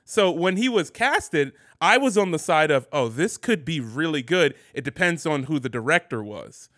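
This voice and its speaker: A man's voice: a little high, expressive, normal speed, a bit bright, dry recording, studio quality. A man co-hosting a podcast, talking casually and laughing between phrases. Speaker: podcast co-host.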